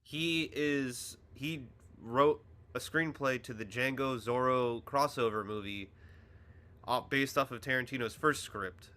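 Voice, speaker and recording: A man's voice: mid-range voice, a little slow, bright, forceful tone. Dry-quipping male podcast co-host. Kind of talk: casual chat.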